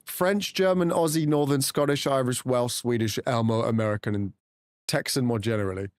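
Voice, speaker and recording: A man's voice: medium pitch, moderate pace, dry recording. A young adult man streaming a game, chatting loosely with his chat, swearing freely and greeting viewers by name, on a close desk mic. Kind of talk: casual live-stream chat.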